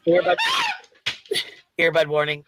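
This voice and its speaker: A man's voice: fairly high pitch, completely flat delivery, measured pace, shouting, music in the background. A man doing profane reaction commentary over a clip, mocking and swearing with laughing asides.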